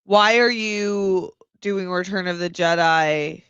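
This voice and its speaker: A woman co-hosting a casual talk show, relaxed and friendly, often answering in short replies. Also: lowish voice, slow pace, smooth, no room sound, highs cut off. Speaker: show co-host. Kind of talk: casual chat.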